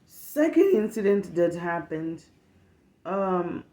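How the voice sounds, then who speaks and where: Animated profane woman from West Africa. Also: on the low side, slow, echoey room. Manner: animated, profane, emphatic, acts out quotes. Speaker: vlogger. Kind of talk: casual storytime rant.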